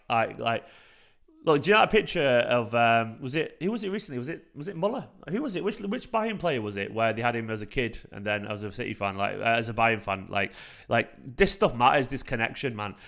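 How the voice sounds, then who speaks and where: A young man from South Manchester with a light Manc twang talks through a live stream in a loose, rambling way. He swears freely and fills gaps with "like" and "um", sitting at a middling pitch for a man. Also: vocal fry. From South Manchester, England. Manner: rambling, animated, swears freely, frequent fillers. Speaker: football fan channel host. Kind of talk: casual live-stream chat.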